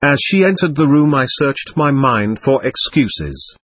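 Husky-voiced man narrating a personal story, lively intonation, dry close sound. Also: medium pitch, a little slow, no room sound. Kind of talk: reading a first-person memoir aloud.

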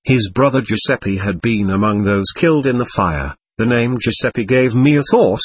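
Husky, expressive male audiobook narrator. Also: medium pitch, moderate pace, hardly any pauses, no echo. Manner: earnest, storytelling, reads dialogue aloud.

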